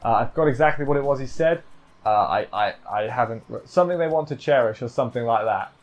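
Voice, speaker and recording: A man's voice: medium pitch, expressive, fast, dull audio. Rambling man doing a casual anime review. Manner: rambling, self-correcting, jokey asides. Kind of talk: casual live review chat.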